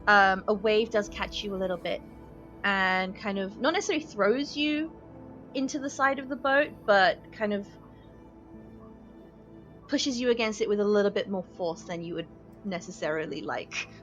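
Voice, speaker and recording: A woman's voice: medium pitch, normal speed, a bit bright. A woman narrates a tabletop adventure as dungeon master. She talks loosely, with fillers and small laughs. The recording is dull and lo-fi, with faint music behind. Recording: dull lo-fi podcast audio.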